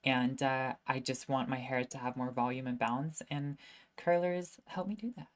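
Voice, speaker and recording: A woman's voice: rumbling low, fairly even intonation, normal speed. A young woman, a student, chatting casually on a livestream and answering viewer questions, self-mocking and laughing often.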